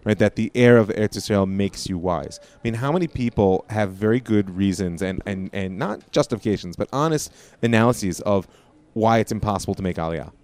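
A man's voice: fairly low pitch, fairly quick, darkish tone. A man, a rabbi and guest, talking casually and emphatically, reasoning aloud with rhetorical questions. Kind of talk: casual conversation.

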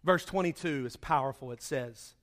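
During a church service, a pastor tells his congregation a story conversationally and then raises his voice with emphasis. He has a fairly high, somewhat bright voice and speaks at a normal speed.

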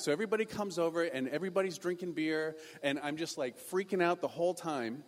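Animated man preaching in a reverberant hall. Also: a little high, brisk, few pauses. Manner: animated, self-deprecating storytelling. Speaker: pastor. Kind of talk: sermon storytelling.

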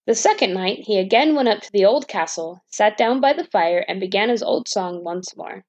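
A woman reading a fairy tale aloud as a bedtime story, in a calm, even storytelling manner. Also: mid-range voice, normal speed, few pauses.

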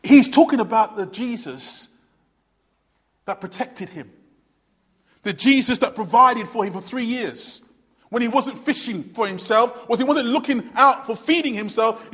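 A man preaching a sermon earnestly, repeating phrases for emphasis and swinging between loud and hushed delivery. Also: very high voice, lively intonation, measured pace. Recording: long hall reverb.

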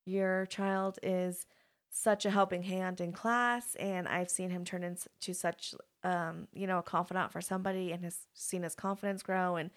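A woman's voice: on the low side, normal speed. Chatty young woman teacher. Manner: chatty, peppered with "like", animated when quoting kids. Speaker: teacher and podcast co-host. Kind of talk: casual chat.

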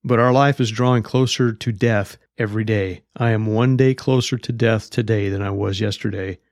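A man's voice: lowish voice, fairly even intonation, normal speed, no echo, clean studio sound. A man teaching through a Bible book verse by verse, reading scripture aloud and explaining it in a blunt, conversational way.

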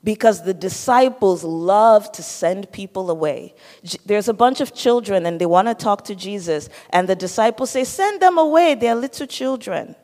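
A woman's voice: mid-range voice, normal speed, a little mellow. A woman preaching a sermon, teaching and putting questions to her listeners. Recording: long hall reverb.

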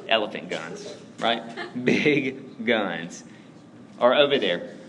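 A man preaching a sermon, praying and then telling a story in a relaxed, chatty way, full of "like" and "right?". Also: mid-range voice, a little hiss or hum, poor audio. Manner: conversational, lots of fillers like "like" and "right?". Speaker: pastor.

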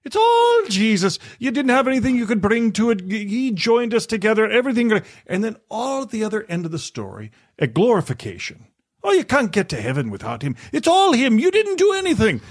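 A man speaking as a podcast guest, animated, often stammering and restarting words. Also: high voice, fairly quick, no room sound, clean studio sound. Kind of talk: podcast conversation.

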